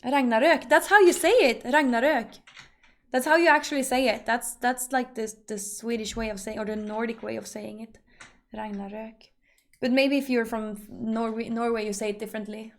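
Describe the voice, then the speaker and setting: High-voiced chatty woman streamer. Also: steady tone, fairly quick, hardly any pauses. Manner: chatty, rambling, bursts into loud laughing rants. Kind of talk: casual stream chat.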